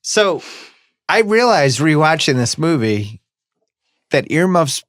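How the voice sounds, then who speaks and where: A man's voice: a little high, very animated, slow pace, fairly bright tone, no echo, clean studio sound. A middle-aged man hosting a casual movie podcast, leading the segments with enthusiasm. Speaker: podcast host.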